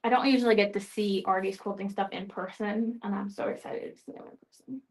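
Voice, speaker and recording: A woman's voice: medium pitch, fairly even intonation, brisk, creaky, breathy edge. A young woman hosting a casual live show of new quilting products, chatty and laughing at her own verbal slips. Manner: chatty, giggly, trips over words and laughs at herself.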